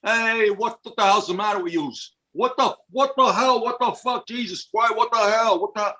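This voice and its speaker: A man doing a brash Brooklyn man with a Brooklyn accent, cursing in exasperation. The voice jumps far above his own, high and strained. It is a quick comic impression within a podcast chat. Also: bright, forceful tone. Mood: exasperated.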